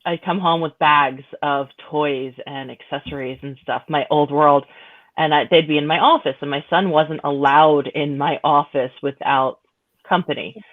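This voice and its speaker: A woman's voice: low voice, steady tone, moderate pace. A woman on a panel chat telling a story about her son. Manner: storytelling, acting out both sides of a dialogue. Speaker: panel guest. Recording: tinny phone-like call audio.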